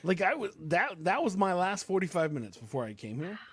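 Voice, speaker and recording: A man's voice: sits high, sing-song, brisk, husky, dry recording. A young man telling a long story on a talk show, casual and rambling, with many fillers and restarts. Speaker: co-host.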